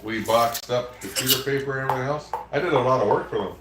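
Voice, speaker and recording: A man's voice: mid-range voice, fast, over loud music. A man chatting casually on a livestream, rambling through work stories and swearing freely. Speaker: livestream host. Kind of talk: casual chat. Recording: echoey room, far from mic, faint noise.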